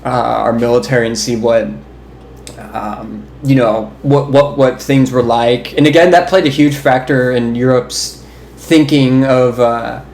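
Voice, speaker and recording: Unhurried and a little mellow, a young man's medium-pitched voice stays fairly even as he co-hosts a casual podcast, telling long, rambling stories with an amused, laughing manner. There's a roomy echo and slight background noise.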